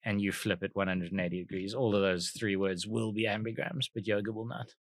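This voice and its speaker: A South African man co-hosting a casual trivia podcast, thinking aloud in an animated, laughing way. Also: lowish voice, a little fast, no room sound. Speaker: podcast co-host.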